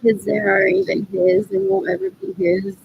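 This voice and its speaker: A woman's voice: very high voice, sing-song, unhurried, creaky, highs cut off, a little hiss or hum. A woman talking in a rambling monologue, repeating phrases again and again and switching between English and Spanish.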